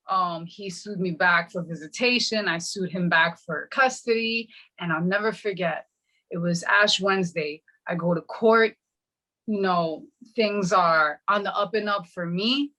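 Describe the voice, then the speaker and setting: A middle-aged woman sharing her personal testimony in an interview, telling her story with animated energy and acting out what people said. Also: mid-range voice, unhurried. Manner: animated, acts out quoted dialogue.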